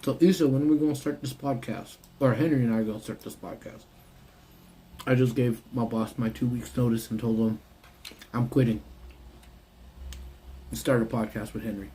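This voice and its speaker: A man's voice: medium pitch, fairly even intonation, normal speed, long pauses, warm tone, a little hiss or hum. A man hosting a casual live stream from his parked car, rambling and answering his chat. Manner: laid-back, rambling, reads and answers chat. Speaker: livestream host.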